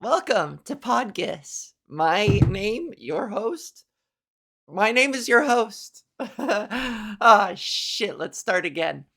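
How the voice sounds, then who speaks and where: A woman's voice: mid-range voice, sing-song, drawn-out words, creaky, fairly bright tone. A woman comedian hosting her own podcast, talking in a playful, rambling monologue full of crude jokes.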